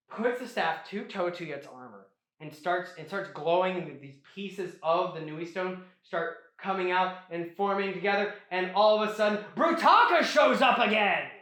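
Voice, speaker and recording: High-voiced man recapping lore animatedly. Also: moderate pace. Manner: animated, rambling, swears, laughs often. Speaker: host. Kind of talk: casual storytelling lore recap. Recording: roomy echo.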